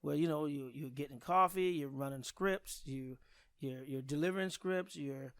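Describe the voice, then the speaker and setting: A middle-aged man, a comedian guest, telling stories in a casual, animated way full of restarts and slang. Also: fairly high pitch, moderate pace, no echo. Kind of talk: casual storytelling.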